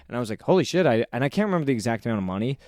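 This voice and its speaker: A man's voice: medium pitch, rapid-fire, no room sound, studio quality. A man in his twenties co-hosting a podcast, telling a story in casual chat and acting out the quotes. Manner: animated storyteller, acts out quotes in loud voices. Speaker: podcast co-host.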